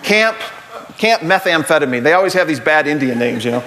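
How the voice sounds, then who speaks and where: A man giving a humorous Catholic talk to a group, an animated storyteller who uses jokey asides and builds to earnest points. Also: a little high, brisk, very noisy.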